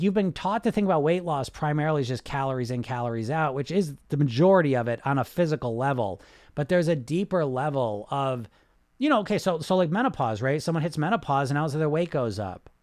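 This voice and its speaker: Guy doing a live podcast, kinda high voice, rambles, lots of "you know", talks right at you. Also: a little mellow. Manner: rambling, emphatic, talks straight to listeners; frequent restarts and "you know". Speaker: podcast host reading live comments. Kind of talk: live-streamed casual podcast talk.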